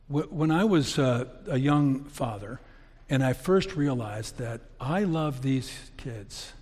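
Slow-talking man preaching a sermon. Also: mid-range voice, expressive, darkish tone. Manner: slow, conversational storytelling preaching. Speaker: pastor. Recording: long reverb of a church hall.

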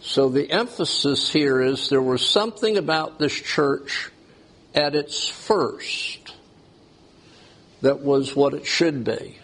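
A man's voice: medium pitch, takes it slowly, fairly bright tone. A man preaching a sermon, asking the congregation questions as he goes. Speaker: pastor.

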